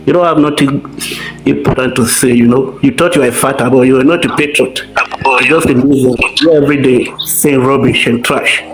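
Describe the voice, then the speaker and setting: A man's voice: medium pitch, steady tone, a little fast, music in the background. Scornful man in an echoey room. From Nigeria. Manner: scornful, insulting, swearing. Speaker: livestream debater. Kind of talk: heated livestream argument. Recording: roomy echo.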